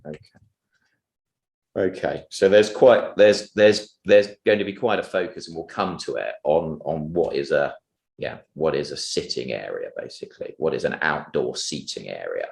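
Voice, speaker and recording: Man, very low gravelly voice, halting polite questioning, echoey hearing room. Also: darkish tone. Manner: halting, many restarts and fillers, polite. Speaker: barrister cross-examining. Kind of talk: public inquiry cross-examination. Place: public inquiry hearing room.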